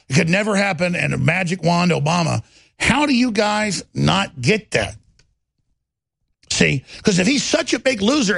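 A man's voice: on the high side, creaky, a bit bright, slightly rough, no room sound, clean studio sound. A man hosting a broadcast, giving heated, mocking political commentary with lots of insults. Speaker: host.

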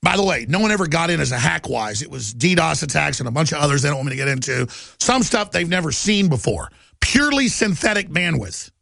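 A man with a raised, gravelly voice rants through a talk show monologue. He speaks fast and emphatically and sounds agitated throughout. The sound is close and dry, with no room echo. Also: a little high, sing-song, a bit bright. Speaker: radio and TV talk show host.

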